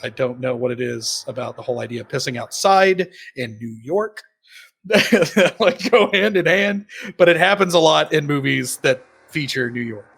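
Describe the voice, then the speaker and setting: A man with a breathy, somewhat high voice walks through a horror movie plot in relaxed podcast chat. He rambles, drops filler ums and laughs between thoughts. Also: normal speed. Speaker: podcast co-host. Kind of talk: casual film-review chat.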